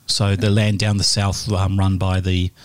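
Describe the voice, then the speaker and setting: A man's voice: deep voice, level tone, a little slow. A man narrating a tabletop role-playing game as game master, often laughing.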